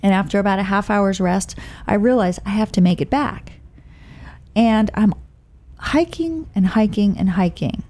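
A middle-aged woman from Oakland telling a personal story in a wry, blunt, animated way. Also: medium pitch, normal speed. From Oakland, California.

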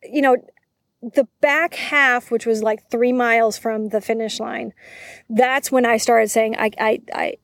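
A woman's voice: on the high side, fairly even intonation, measured pace, dry recording. A woman telling a personal story in a casual interview. She acts out the voices of people she quotes. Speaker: guest.

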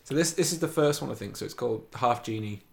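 A man's voice: medium pitch, expressive, fast, creaky, a little hiss or hum. A man, co-hosting a casual podcast and rambling through a story with frequent laughs. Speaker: podcast co-host.

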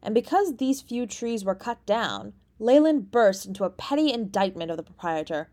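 A woman audiobook reader narrating a classic story in a measured, even way. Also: medium pitch. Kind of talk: scripted narration.

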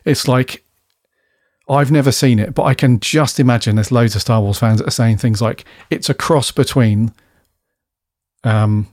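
In a relaxed podcast conversation, a man with a mid-range, slightly mellow voice walks through a TV episode at normal speed, loosely and with plenty of tangents. He swears freely and laughs along, and the sound is close and dry, free of room echo.

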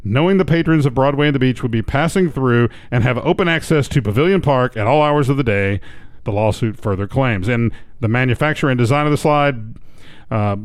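A man's voice: mid-range voice, dry recording. A middle-aged man co-hosting a talk show, reading news stories with sarcastic, wry asides. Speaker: radio co-host.

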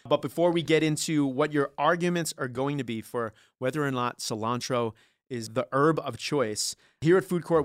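A man's voice: mid-range voice, dry recording. A man hosting a playful food debate podcast with a trivia round, joking and theatrical. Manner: jokey, theatrical, quick asides. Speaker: podcast host. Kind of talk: playful game-show style hosting.

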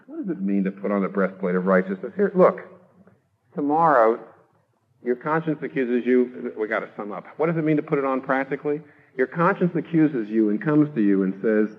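A man preaching a sermon, emphatic, rising to loud exhortation and then dropping low. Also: animated, brisk, narrow, tinny audio. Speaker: pastor.

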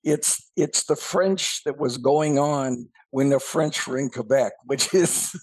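A man co-hosting a podcast, explaining things slowly in casual, musing chat. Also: mid-range voice, breathy edge, no echo, rough recording. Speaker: podcast co-host.

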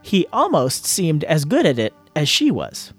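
A man reading a chapter of a novel aloud as a guest reader, in steady storytelling narration. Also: a little high, a little slow, breathy edge, faint music behind.

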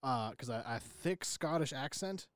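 A man's voice: medium pitch, animated, measured pace, no room sound, studio quality. A young man co-hosting a podcast in casual chat, rambling and joking with lots of fillers and restarts. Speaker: podcast co-host.

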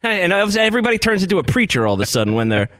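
A man's voice: high voice, big pitch swings, racing, a bit bright. A man, a regular on a sports radio show, riffing animatedly and mimicking rock stars. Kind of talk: sports talk radio banter.

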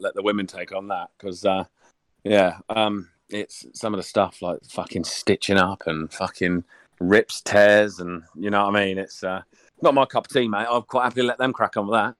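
Man, low-pitched, laddish sweary storyteller, dry recording. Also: steady tone, normal speed, fairly bright tone, no room sound. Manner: laddish, swears freely, jokey. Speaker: podcast guest. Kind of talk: casual storytelling chat.

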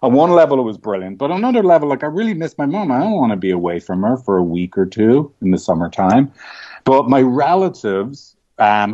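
A man who works as a marriage and family therapist, telling stories in a lively conversational way and often asking "right?". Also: medium pitch, lo-fi sound. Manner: animated storytelling with frequent rhetorical "right?". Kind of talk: conversational podcast interview.

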